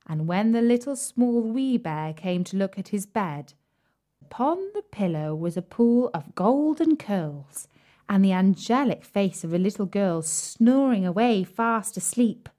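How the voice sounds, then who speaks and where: A woman reading fairy tales aloud slowly and clearly for English learners, deliberate and sometimes dropping soft. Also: medium pitch, expressive. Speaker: storyteller.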